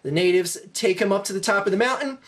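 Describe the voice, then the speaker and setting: Brief: woman joke teller, casual and animated, mid pitch. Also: fast. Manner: animated, voices swinging high and low. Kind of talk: comedic joke storytelling.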